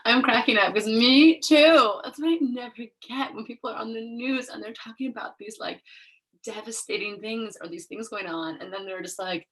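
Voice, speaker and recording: A woman's voice: a little high, fairly even intonation, fairly quick. A young woman hosting her own show in a casual, rambling way, leaning on "like", openly emotional and laughing at herself. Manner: chatty, rambling, heavy use of "like". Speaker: host. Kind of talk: casual solo show chat.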